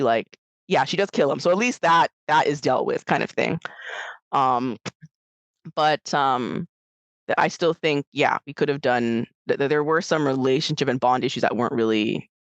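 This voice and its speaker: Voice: mid-range voice, no room sound. A podcast co-host chatting casually about a film, with lots of fillers and restarts. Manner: filler-heavy, animated, frequent "like". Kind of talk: casual conversational film discussion.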